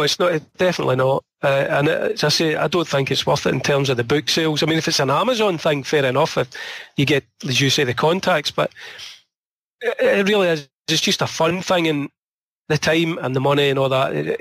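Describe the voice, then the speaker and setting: Gravelly-voiced Glasgow man. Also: a little high, a bit bright, no room sound. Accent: Scottish, Glasgow. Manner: chatty, rambling storyteller. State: voice tiring, slightly strained. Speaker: author, interview guest. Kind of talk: casual conversation.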